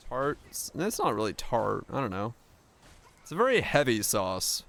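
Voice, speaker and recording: A man's voice: mid-range voice, sing-song, normal speed, creaky, fairly bright tone. A man streaming a game, chatting casually and rambling between jokes. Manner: rambling, joking, laughs often. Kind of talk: casual gameplay chat.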